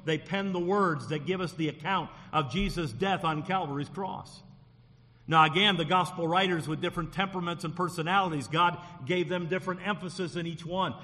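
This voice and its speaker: Man, pastor, earnest sermon, high voice, long hall reverb. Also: a little fast, bright, forceful tone. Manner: earnest preaching, repeats phrases while building a point.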